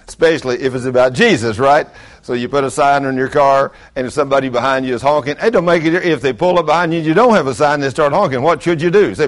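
A man's voice: medium pitch, fast talker. An older man, preaching a folksy sermon full of acted-out stories. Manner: animated storyteller, acts out quotes loudly.

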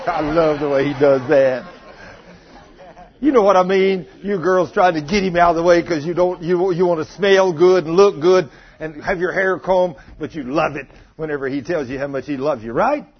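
A man's voice: high voice, a little fast, few pauses, husky. A man preaching a folksy, conversational sermon and acting out the voices he quotes. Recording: muffled lo-fi recording.

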